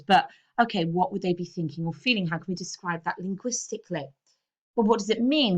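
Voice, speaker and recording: Woman, English teacher, recorded lesson delivery, explanatory, frequent check-ins with the class. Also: lowish voice. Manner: explanatory, checks in with students often.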